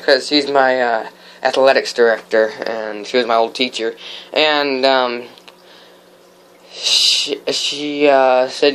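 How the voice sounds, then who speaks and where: A man's voice: mid-range voice, steady tone, a little slow, a bit bright, clear, resonant tone, rough recording. A teenage boy giving a rambling, casual walkthrough of his fish tanks at home, full of fillers and restarts.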